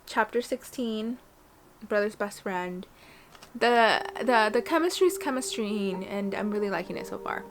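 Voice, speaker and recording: A woman's voice: medium pitch, a little slow, noisy background. A young woman in her twenties chatting casually on a book vlog from her reading corner at home, gushing and emotional. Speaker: book vlogger.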